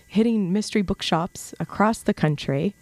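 Radio host, woman, mid-pitched voice, talks in fits and starts, dry booth sound. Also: a little mellow, dry recording. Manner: halting, with many fillers and restarts, laughs easily. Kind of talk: radio interview. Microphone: studio mic.

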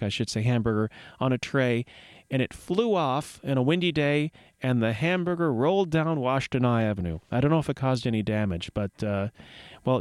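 A man's voice: medium pitch, no room sound. A man hosting a community radio news segment, reading items with wry, rambling asides and puns. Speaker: radio host. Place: radio studio.

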